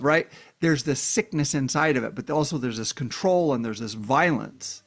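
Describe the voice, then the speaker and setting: A man of middle pitch speaks straight to the camera in a loose, unscripted way, leaning on "like" and the odd swear word. He slips into angry, raised voices for the people in his story, then drops back to plain talk. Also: moderate pace, hardly any pauses. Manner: acts out quoted voices of an angry abuser and a victim in heated tones; blunt, swears, many "like" fillers. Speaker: commentator. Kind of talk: casual spoken commentary.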